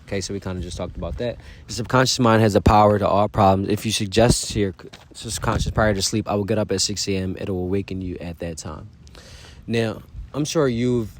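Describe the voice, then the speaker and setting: A man's voice: on the low side, brisk, a little hiss or hum. A man vlogging in a casual, earnest, motivational way, with loose slang and frequent asides to the viewer. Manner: loose slangy delivery, says "bro" and "you feel me" often; earnest, encouraging. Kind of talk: casual motivational self-talk.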